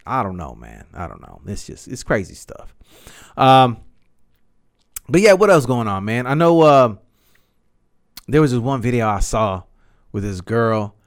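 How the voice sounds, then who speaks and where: A man in his thirties hosting a podcast, telling a story in a rambling, animated way and swearing freely. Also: medium pitch, unhurried, long pauses. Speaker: podcast host. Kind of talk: casual storytelling monologue.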